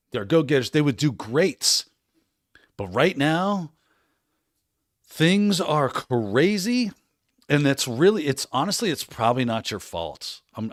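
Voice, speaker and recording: Male livestream host, casual storyteller, mid-pitched, very expressive, dry close sound. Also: dry recording. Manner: animated, laughing storyteller who acts out quotes.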